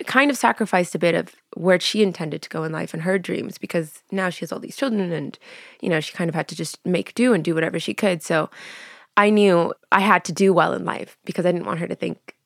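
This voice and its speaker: A woman's voice: on the low side, a little fast, vocal fry, no room sound, studio quality. A woman in her thirties from Canada, a podcast guest who tells stories with animation, laughs often and acts out what people said. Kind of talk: casual interview chat.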